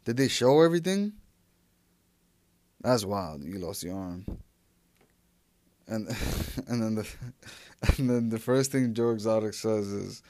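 The voice is fairly low and mellow, belonging to a young man running a solo podcast. His talk is casual and rambling, loaded with swearing, false starts, and filler words.

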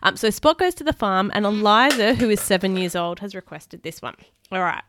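A woman's voice: mid-range voice, expressive, fairly quick, fairly bright tone. A woman hosting a podcast in which she chats with a young child and reads a picture book aloud in a playful, coaxing way. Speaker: podcast host reading children's books. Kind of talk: casual chat and picture-book read-aloud.

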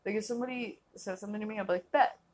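A woman's voice: medium pitch, steady tone, very fast, a little mellow. A young woman hosting a casual solo podcast, rambling and laughing often, filling her talk with "like". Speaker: podcast host.

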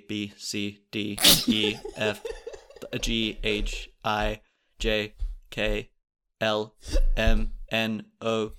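A man's voice: on the low side, fairly bright tone, smooth. A young man co-hosting a podcast, rambling nonstop in a panicked, swearing stream of chatter. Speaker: podcast co-host. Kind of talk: casual chat.

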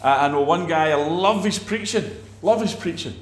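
A man teaching about faith in a relaxed talk, animated, acting out quoted people and restarting his sentences often. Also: on the high side, normal speed, echoey room. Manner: animated, acts out quoted preachers, many restarts. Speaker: preacher.

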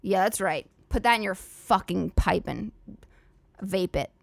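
A woman's voice: mid-range voice, unhurried, creaky, no room sound. A young woman hosting a solo comedy podcast, ranting in a chatty, sarcastic, profane way full of "like" fillers. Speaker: podcast host.

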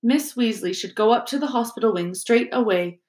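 A woman doing gentle old wizard Dumbledore. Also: a little high, normal speed, close to an everyday voice. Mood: firm kindly. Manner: gentle, calm, softly twinkling. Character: kindly, gentle old male wizard headmaster. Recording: roomy echo.

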